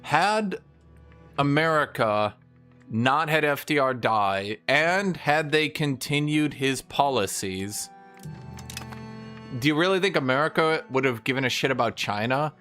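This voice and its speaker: A man's voice: medium pitch, lively intonation, sharp tone, soft background music. Profane, opinionated male streamer. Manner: mimics historical nations in quick asides. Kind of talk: casual livestream rant while gaming.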